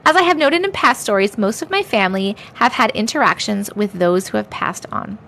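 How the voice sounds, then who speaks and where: A woman hosts a livestream, chatting playfully with viewers, thanking them often, and reading their stories aloud while drifting between put-on accents. Her mid-range voice is animated, a little fast, gravelly, and a bit bright.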